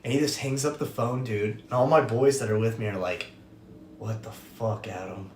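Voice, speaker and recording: A young man, a podcast host, telling a story in casual chat, animated and profane, acting out the voices of people he quotes. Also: mid-range voice, a little fast, a little hiss or hum. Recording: roomy echo.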